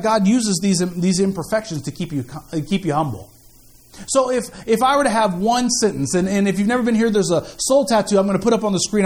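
A man preaches to his congregation in a high, light voice. He talks in an animated, conversational way, restarting phrases and repeating himself as he works through scripture and prayer. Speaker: pastor. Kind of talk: sermon.

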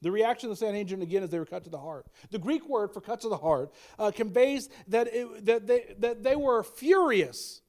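A man's voice: high-pitched, fairly quick, few pauses, a little mellow. A middle-aged male pastor preaching a sermon, emphatic, with folksy asides and repeated key lines.

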